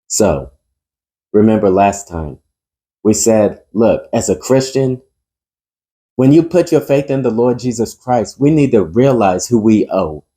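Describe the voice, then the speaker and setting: A pastor delivering a sermon who tells an illustration story and builds to emphatic preaching. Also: male voice, medium pitch, dark tone.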